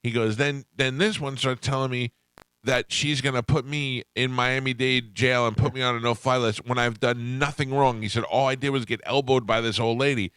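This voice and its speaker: A radio host telling a story in casual chat, acting out the people in it. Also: male voice, mid-range voice, moderate pace, clean tone, no echo, clean studio sound. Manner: animated, acts out quoted voices.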